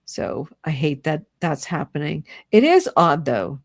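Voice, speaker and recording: At home by a fire, a middle-aged livestream host speaks in a low-pitched, sing-song voice at a measured pace. Her political rant is casual and exasperated, full of laughter and mocking impersonations of people. The recording is studio quality, free of room sound.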